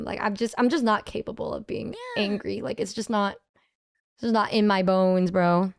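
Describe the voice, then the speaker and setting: A woman's voice: medium pitch, steady tone, moderate pace, vocal fry. A young woman in her twenties chatting casually with her stream viewers, bubbly and rambling, repeating words as she goes.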